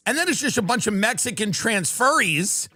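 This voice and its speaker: Here a middle-aged man from New York does casual live-stream storytelling, wandering through jokey anecdotes and animated rants with impressions of others. His voice is high-pitched, his pace moderate, and the sound carries no echo.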